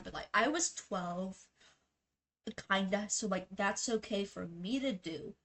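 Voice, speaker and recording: Young woman rambling through a story tier list, unhurried, blunt, swears a lot, lots of um and like. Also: medium pitch. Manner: rambling, blunt, swears freely, many fillers. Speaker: vlogger. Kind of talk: casual storytelling vlog, ranking tiers.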